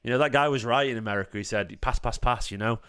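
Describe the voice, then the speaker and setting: A man with a mid-range voice hosts a live football watchalong in an easy, casual tone. He chats along through the match, breaking into excited reactions at the play and thanking his viewers. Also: mid-range voice, very fast, clear, resonant tone. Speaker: fan channel host.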